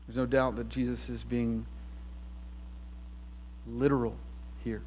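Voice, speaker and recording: A man's voice: mid-range voice, flat delivery, slow, muffled recording, slight background noise. A man preaching an expository sermon, earnest and emphatic, asking his listeners rhetorical questions.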